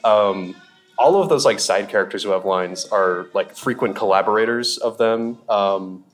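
Young male comedy guest, fairly low voice, rambling and animated, casual podcast chat. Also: moderate pace, faint music behind. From Seattle. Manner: rambling, animated, lots of fillers and laughs.

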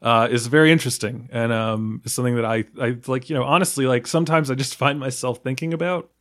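A man's voice: mid-range voice, fast, a bit bright. A man from the United States talking casually about a film, rambling with many fillers, restarts and small laughs. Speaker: film podcast guest.

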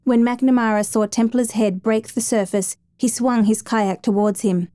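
A woman reading a dramatic true story as a steady, measured narrator. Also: fairly high pitch, no room sound, studio quality.

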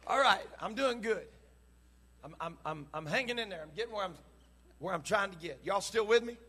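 High-voiced preacher man, bright and impassioned. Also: expressive, brisk, a little hiss or hum. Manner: impassioned preaching that builds to shouts; casual, joking asides to the congregation. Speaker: pastor. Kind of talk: sermon. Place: church.

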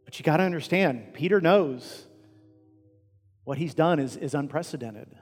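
A man preaching a sermon as a pastor, impassioned, swinging from loud to hushed. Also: on the high side, moderate pace, soft background music. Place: church auditorium. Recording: long reverb of a large hall.

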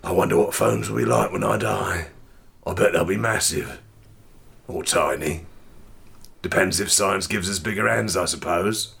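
A man's voice: deep voice, animated, normal speed, creaky, long pauses, a bit bright, breathy edge. A man co-hosting a comedy podcast, playful and mock-dramatic, swearing freely. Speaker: podcast co-host.

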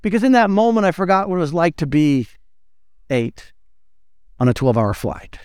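A man, preaching a sermon in an animated, playful storytelling way. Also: a little high, moderate pace, clear, resonant tone, no room sound, clean studio sound. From United States. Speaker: pastor.

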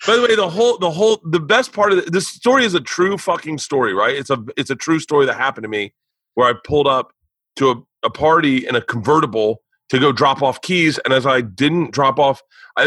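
A man, a comedian, spins a profane anecdote in loose podcast conversation. His voice is bright and a little husky, and he sits fairly high for a man. The sound is dry and close. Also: a little fast, no echo, poor audio. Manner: animated, profane, laughing storyteller. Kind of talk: casual podcast storytelling.

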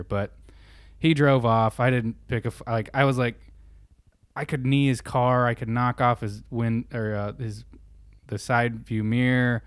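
A man's voice: medium pitch, a little slow, clear, resonant tone, no echo. Man, casual storytelling, rambling and profane, dry close sound. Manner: rambling, profane, animated retelling.

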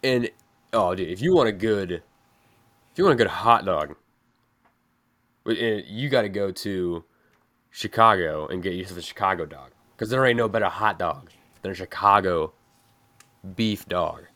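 A man's voice: sits low, animated, a little slow, long pauses, fairly bright tone. A man hosting a podcast in casual chat, talking loosely with lots of "like" fillers. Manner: loose, filler-heavy talk with many "like"s. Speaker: podcast host.

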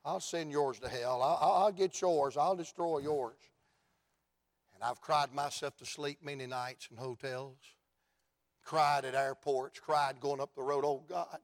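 A man with a Southern US accent preaching an evangelistic sermon, telling folksy stories and building to shouted climaxes. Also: mid-range voice, steady tone, unhurried. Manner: folksy storytelling, rising to shouts.

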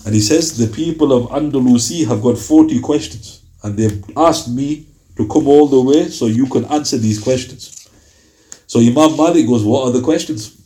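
A man with a mid-range, dark-toned voice gives a religious lecture on early Islamic scholars at a moderate pace. He tells stories, acting out the quoted dialogue.

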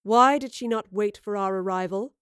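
A poised female supreme commander, read by a woman, speaking in a calm, arch, clipped tone that expects obedience. The timbre is set apart from the narrator's. The storybook recording is dry and close. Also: mid-range voice, normal speed, dry recording, natural voice. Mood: commanding. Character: tall cool-headed female supreme commander.

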